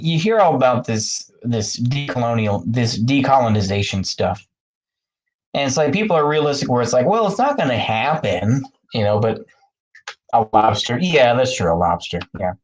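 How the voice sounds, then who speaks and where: A man's voice: medium pitch, rough recording. A man rambling in a casual chat with his viewers, full of fillers and frequent laughs, talking from his bathtub. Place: bathroom, in the bathtub.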